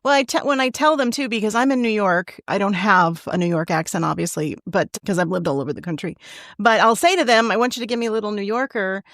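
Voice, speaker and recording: In a quick, medium-pitched voice with a bit of brightness, a podcast host who also teaches acting chats casually with her guest. She laughs a lot and chimes in with brief backchannels, and the clean studio recording has no echo.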